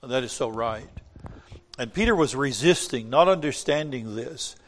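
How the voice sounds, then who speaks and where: An older man preaching a sermon in an earnest way, going from quiet, tender lines to loud, emphatic ones. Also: medium pitch, animated, moderate pace. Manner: earnest, swings from soft to emphatic when quoting scripture.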